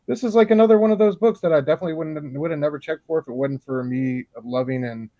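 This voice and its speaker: A man's voice: a little high, fast talker, no echo, dull audio. A man on a panel livestream, chatting about comics in a rambling, laid-back way full of restarts. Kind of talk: casual panel chat on a livestream.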